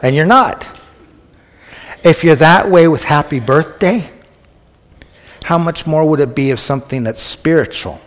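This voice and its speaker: A man's voice: fairly high pitch, a little slow, pauses often. A man preaching a conversational sermon who often asks the congregation questions. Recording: echoey hall.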